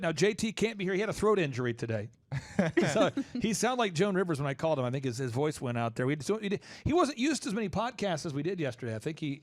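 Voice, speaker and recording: A man hosting a casual podcast, rambling and animated as he acts out what people say. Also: high voice, dry recording, clean studio sound. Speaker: podcast host promoting a dog training business.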